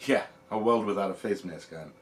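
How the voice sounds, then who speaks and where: Easygoing male stream host with a very low voice and a quick chuckle, casual chat. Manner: chuckles often while reading chat; relaxed, rambling, lots of ums. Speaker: livestream host.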